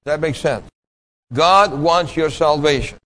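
A man with a slightly high, fairly bright voice preaches a sermon in an unhurried way, with emphatic, pointed delivery. He poses questions to the congregation and answers them himself in a call-and-response style, on a rough recording.

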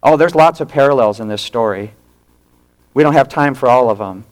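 A male pastor preaching a sermon, retelling a story with animated acted-out quotes and hushed drops for emphasis. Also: mid-range voice, fairly quick.

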